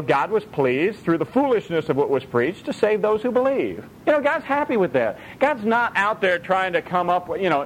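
An animated male preacher whose voice climbs high and swoops widely through a sermon. He is dramatic and jokey, and acts out voices along the way. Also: a little hiss or hum, rough recording.

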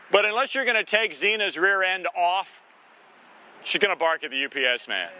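A man with a high, very bright voice gives a conversational sermon in a loose, chatty style. Sarcastic and folksy, he now and then slips into playful voices to make his point.

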